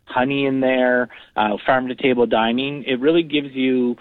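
A radio guest representing a regional tourism program speaks over a phone line in a steady, mid-range voice at normal speed with no echo. He's cheerful as he explains things, dropping in plenty of fillers.

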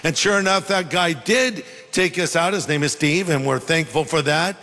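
A man's voice: on the high side, normal speed, sharp tone, in a large hall. A male pastor preaching a sermon in a conversational storytelling way, with humorous asides.

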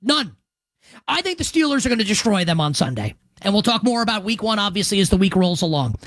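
A man's voice: sits high, quick pace, dry recording. Brief: male sports radio host, punchy and emphatic, dry close mic. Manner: emphatic, animated, crude joking asides. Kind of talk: sports radio and podcast predictions.

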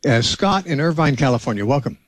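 A man's voice: medium pitch, animated, fairly quick, no room sound. A man hosting a call-in radio show, talking with callers in a patient, conversational way.

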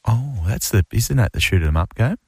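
A man's voice: fairly low pitch, animated, normal speed, darkish tone, slightly rough, no echo. A man co-hosting a radio show, playful and mock-interrogating. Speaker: radio host. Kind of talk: casual banter.

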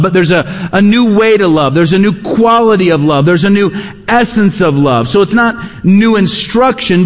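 A man's voice: high voice, in a large hall. A man preaching a sermon, emphatic and repeating his key phrases. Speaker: pastor.

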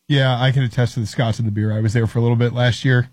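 A man's voice: medium pitch, fairly even intonation, very fast, darkish tone, dry recording, clean studio sound. A young man, an intern, chatting in a friendly, earnest way. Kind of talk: casual chat.

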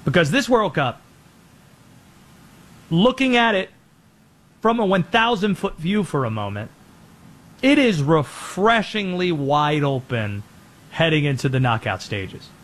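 Guy hosting a sports show, high voice, bouncing all over the place, fast energetic delivery. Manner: quick energetic delivery with lively pitch swings. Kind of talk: sports talk monologue.

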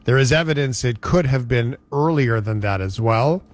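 A man's voice: mid-range voice, animated, normal speed. A man hosting a radio show, chatting casually and joking with his co-host. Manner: playful, laughs often. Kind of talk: casual chat.

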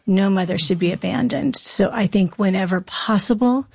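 A woman's voice: mid-range voice, moderate pace, creaky, darkish tone, slightly rough, no echo. Earnest woman giving personal testimony. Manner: earnest, reflective. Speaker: guest.

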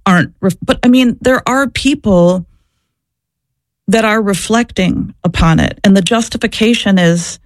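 A woman who once worked at an abortion clinic is an interview guest, sharing personal stories candidly and reflectively. She often repeats words and restarts sentences. Her medium-pitched voice moves at a measured pace on a dry recording.

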